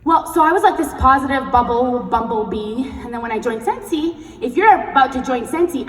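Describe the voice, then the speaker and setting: A young woman giving a blunt, energetic motivational talk on stage and leading the crowd in chanted affirmations, heard in a large event hall. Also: a little high. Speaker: sales team leader and motivational speaker. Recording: echoey hall recorded from far off.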